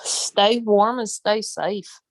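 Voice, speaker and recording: Slow-talking Southern woman live streaming. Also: medium pitch, fairly even intonation, dry recording. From Southern United States. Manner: rambling, slow, full of ums, greets viewers. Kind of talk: casual live-stream chat. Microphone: phone.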